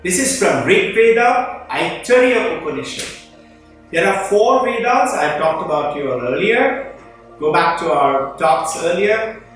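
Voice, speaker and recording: A middle-aged man giving a spiritual talk to parents and children, acting out the figures in an animated way. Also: high voice, measured pace. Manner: animated storyteller, acts out characters. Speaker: school head addressing parents. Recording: echoey distant room with faint music.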